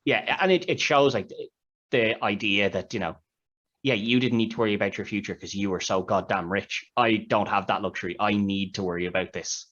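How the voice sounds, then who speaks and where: Speaking briskly in a lowish, fairly bright voice, this podcast co-host casually discusses a film and meanders through retelling its scenes. The sound quality is dull and lo-fi.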